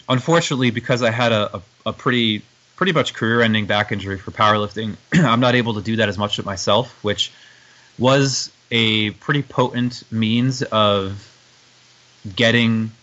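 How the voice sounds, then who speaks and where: A man's voice: lowish voice, bright, forceful tone, highs cut off. A man who is a guest in an interview, speaking reflectively and hesitantly, often restarting his sentences. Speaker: guest, strength coach and nutrition formulator. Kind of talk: conversational interview.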